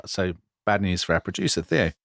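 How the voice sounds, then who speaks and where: Man, podcast co-host, lively storytelling, deepish voice, dry studio sound. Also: fairly quick, vocal fry, no room sound. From Britain. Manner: animated, dramatizing quotes with voice changes. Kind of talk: conversational history storytelling.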